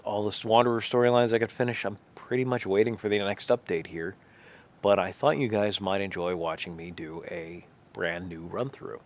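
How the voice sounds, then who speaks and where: A man's voice: low-pitched, gravelly, lo-fi sound. A man giving casual, rambling game commentary, often correcting himself as he thinks aloud. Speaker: gameplay commentator.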